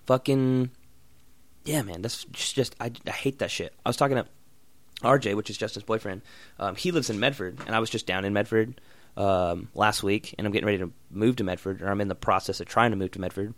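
A young man in a casual, profane rant, blunt and loud in bursts, then muttering. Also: lowish voice, normal speed, pauses often, dry recording. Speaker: vlogger.

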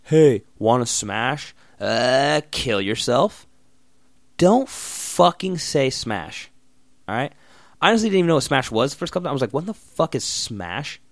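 A young man from Oregon hosts a solo podcast in a fairly high voice with no echo. He rants bluntly and sarcastically, swearing a lot.

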